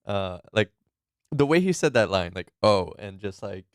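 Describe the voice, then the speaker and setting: Low-voiced man, relaxed movie chat. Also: moderate pace, dry recording, studio quality. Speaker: podcast co-host.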